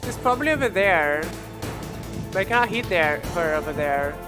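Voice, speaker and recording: A woman's voice: lowish voice, expressive, moderate pace, music in the background. Chatty young woman streaming a game. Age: 20s. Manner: chatty, rambling, stumbling restarts. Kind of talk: casual gameplay livestream chat.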